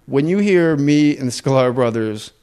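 A man's voice: mid-range voice, animated, a little slow, darkish tone, smooth. A man hosting a casual comedy podcast, riffing and telling stories with lots of animation.

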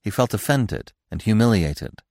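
A man with a deep voice narrates a classic story aloud, with a lively, animated reading. The sound is close and dry. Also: normal speed, no room sound. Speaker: audiobook narrator.

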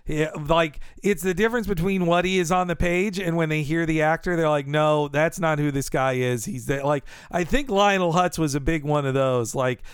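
A chatty male podcast co-host, joking along in a casual discussion. His voice is smooth and a touch high, recorded close and dry. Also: brisk, hardly any pauses, no room sound. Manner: chatty, joking, restarts a lot. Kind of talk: casual chat.

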